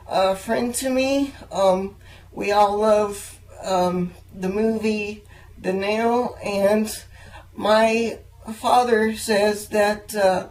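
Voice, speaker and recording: A young man interviewing a guest, earnest and halting, with frequent fillers and restarts. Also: high voice, gravelly, rough recording. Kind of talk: casual interview chat.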